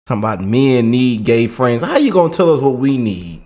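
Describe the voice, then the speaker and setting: A man's voice: mid-range voice, sing-song, moderate pace, warm tone. A man ranting in a casual, repetitive and colloquial way as a political commentary vlogger.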